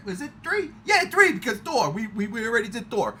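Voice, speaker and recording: Excitable man with a husky voice. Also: extremely high pitch, fairly quick, few pauses. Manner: excitable, swears often, animated bursts. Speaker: podcast host. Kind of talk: casual movie review chat.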